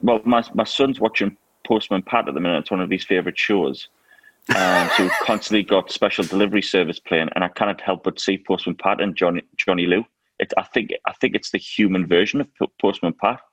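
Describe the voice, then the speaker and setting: A man co-hosting a casual chat, telling lively stories and laughing often. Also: low-pitched, a little fast, no room sound. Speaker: co-host.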